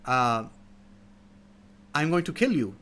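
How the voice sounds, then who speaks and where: A man's voice: medium pitch, very animated, slow pace, a bit bright. A man voicing a proud male lion, king of the beasts, in a fable. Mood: commanding.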